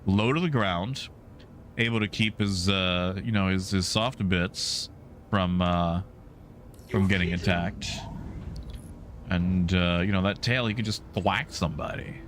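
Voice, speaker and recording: A man's voice: deep voice, a little slow, a bit bright, a little hiss or hum. A male game streamer chatting casually with his live viewers in a rambling, easygoing way with many fillers.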